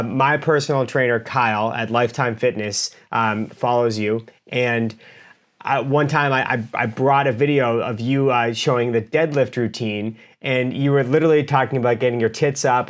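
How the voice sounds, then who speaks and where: A man hosting a podcast, asking long, enthusiastic, rambling questions. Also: mid-range voice. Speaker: podcast host. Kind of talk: casual interview chat.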